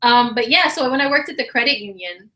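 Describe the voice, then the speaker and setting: A woman hosting a livestream chat, telling a story in a casual, animated, slangy way and acting out quotes, her voice slightly hoarse. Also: on the high side, fairly quick, poor audio. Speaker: livestream astrology host.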